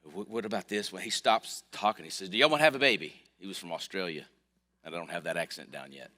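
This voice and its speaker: Male pastor, low voice, lively sermon delivery, reverberant sanctuary sound. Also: quick pace. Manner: lively storytelling preacher with swings from quiet to loud. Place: church sanctuary. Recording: long hall reverb.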